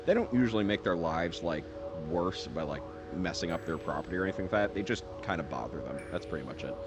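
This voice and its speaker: A deep, low male voice that swings around a lot in pitch as he rambles. He is a gaming streamer chatting casually over his gameplay with loud game music playing behind him. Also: lively intonation, fast. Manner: rambling, laughing storyteller.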